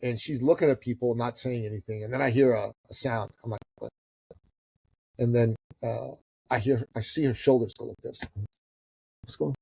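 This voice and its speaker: This guest entrepreneur, a middle-aged man from Iran, brings his podcast story to life by performing each character. His medium-pitched voice moves a little fast, creaky with a breathy edge.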